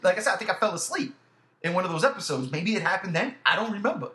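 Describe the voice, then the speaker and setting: Casual podcast co-host, high bright male voice, profane animated rants, roomy sound. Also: quick pace. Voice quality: loud animated outbursts, heavy swearing. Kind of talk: casual chat.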